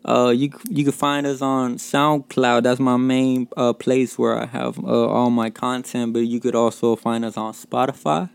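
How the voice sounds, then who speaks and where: A man from Mexico tells stories on his own podcast, with a gravelly, creaky edge on a smooth, full voice. His talk is loose and profane, packed with fillers and small laughs. The sound is close and dry, with no room around it. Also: mid-range voice, level tone, moderate pace, few pauses, dry recording. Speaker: podcast host. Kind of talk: casual storytelling podcast.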